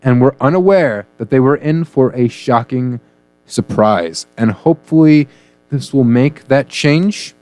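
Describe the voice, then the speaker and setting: A man's voice: mid-range voice, animated, unhurried, darkish tone, clean tone, dry recording, faint music behind. A man co-hosting a comedy news radio show, joking and punning through the stories. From United States. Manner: jokey, punning, playful delivery.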